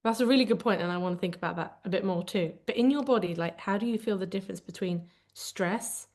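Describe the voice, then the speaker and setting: A woman co-hosts a conversational podcast, her mid-range, slightly mellow voice moving quickly. She speaks candidly and reflectively, searching for the right words as she goes.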